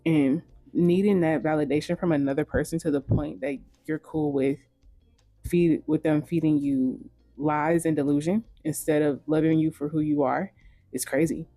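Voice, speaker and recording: A woman's voice: sits low, fairly even intonation, normal speed, warm tone, no echo, faint music behind. A woman giving frank, scripted commentary in a video, blunt and swearing casually.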